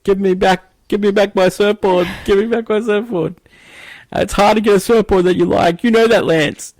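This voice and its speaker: A man's voice: high voice, steady tone, moderate pace, a little mellow, dry recording, voice pushed up. A man putting on a brash, swaggering colonel. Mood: shouting.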